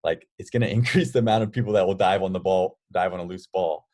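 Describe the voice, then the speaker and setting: A man talking casually on a coaching podcast, his voice very low. He lays out basketball drills one step at a time. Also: fast talker, a little mellow.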